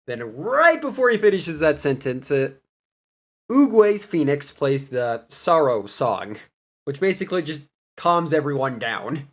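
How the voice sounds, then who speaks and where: Animated young man recapping his game. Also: on the high side, unhurried. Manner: animated, laughing, goofy retelling. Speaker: player recapping a campaign. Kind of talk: casual storytelling recap.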